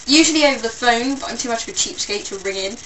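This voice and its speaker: A woman's voice: fairly high pitch, fast, fairly bright tone. Chatty, self-mocking young British woman. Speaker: vlogger. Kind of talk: casual chat to camera. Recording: distant mic with faint background noise.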